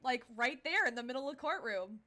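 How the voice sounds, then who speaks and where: A woman's voice: high-pitched, lively intonation, fast, sharp tone. A young woman streaming a game, breaking in with swearing, laughing, self-mocking asides. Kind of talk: game let's play commentary.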